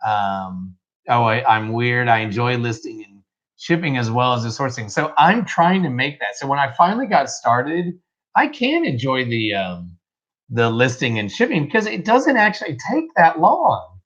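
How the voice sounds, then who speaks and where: Host, man, mid-pitched, rambling self-deprecating chat, dull lo-fi audio. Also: sing-song, moderate pace, fairly bright tone. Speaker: reseller host. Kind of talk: casual livestream chat.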